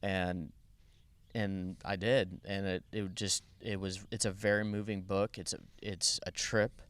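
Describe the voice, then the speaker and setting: A man appearing as a podcast guest, telling a long story in a rambling, animated way with many restarts. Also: deep voice, unhurried, clear, resonant tone, no echo. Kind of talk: casual storytelling.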